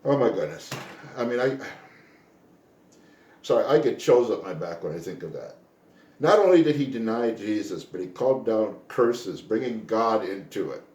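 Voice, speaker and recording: A man's voice: on the low side, animated, normal speed, darkish tone, reverberant. A man from the United States giving an earnest, reflective daily Bible devotional, pressing hard on his key points. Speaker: Bible teacher.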